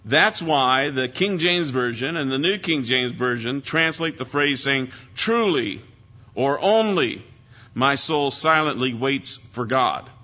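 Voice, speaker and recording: A man's voice: mid-range voice, expressive, slow pace, pushed and bright. A man teaching through a psalm in an earnest sermon, stressing key words with emphasis. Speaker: preacher. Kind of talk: expository Bible teaching. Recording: dull lo-fi recording.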